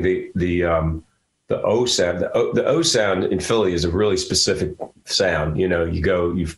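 A man's voice: low-pitched, echoey room. A man in his sixties from Philadelphia with a Philadelphia accent, an actor chatting as a guest in a casual interview, rambling with many restarts.

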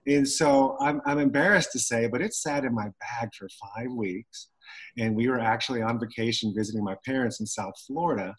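A middle-aged man telling a personal story in conversation, animated and acting out the voices of the people he quotes. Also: mid-range voice, normal speed, slightly rough, poor audio. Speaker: guest telling his story.

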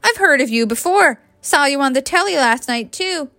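Woman reading a cocky british guy, smooth taunting charm, bright high voice. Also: lively intonation, normal speed, no room sound, clean studio sound, exaggerated voice. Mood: smug. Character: smug charming young British man.

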